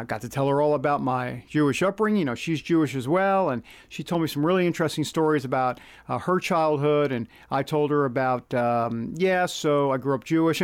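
A man hosting a casual political commentary podcast from a news studio, talking animatedly, with wry asides and pushing up his voice on words he wants to stress. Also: a little high. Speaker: podcast host.

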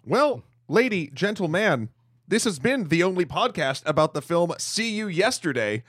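Higher-voiced man wrapping up a podcast. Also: sing-song, normal speed, a bit bright. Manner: playful, wraps up the show. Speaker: podcast host. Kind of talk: casual film discussion.

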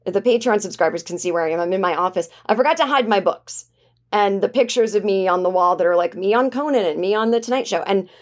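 A woman hosts her own comedy podcast and tells a rambling story in a chatty, animated way. She talks from her home office at a middle pitch and drops "like" into almost every sentence. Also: fast talker. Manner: chatty and animated, acts out quoted voices, many "like"s. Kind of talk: casual comic storytelling.

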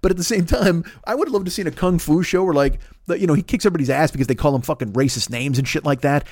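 A man's voice: fairly high pitch, rapid-fire, darkish tone, no echo, studio quality. A man in his forties hosting a podcast, ranting in a profane, rambling comedic monologue. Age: 40s. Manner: profane, rambling, exasperated rant. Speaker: podcast host.

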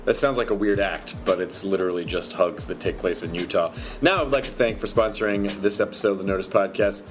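A man's voice: on the low side, lively intonation, fast talker, soft background music. A man hosting a podcast, reading plugs and sponsor ads in a loose, joking way, often correcting himself. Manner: rambling, self-correcting, joking. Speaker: podcast host. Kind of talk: casual podcast intro and ad read.

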